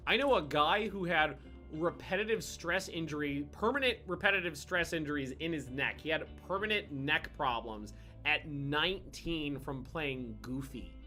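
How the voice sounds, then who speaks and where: A man chats casually over gameplay and spins long, profane anecdotes. His voice sits slightly high and has a sharp, bright edge. Soft game music plays in the background. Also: normal speed. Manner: profane, animated, rambling anecdotes with restarts. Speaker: gaming channel host.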